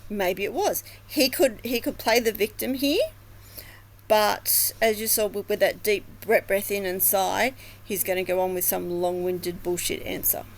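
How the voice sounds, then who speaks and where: A woman's voice: medium pitch, steady tone, unhurried, rough recording. A woman vlogger commenting casually at home, chatty and thinking aloud, swearing now and then. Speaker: vlogger analyzing body language. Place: home with dogs.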